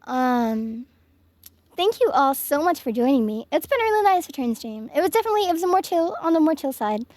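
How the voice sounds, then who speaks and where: A woman's voice: sits high, sing-song, fairly quick, a little mellow, dry recording. A young woman streamer signing off from her home office, gushing and giggly as she thanks her chat. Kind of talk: casual stream sign-off chat.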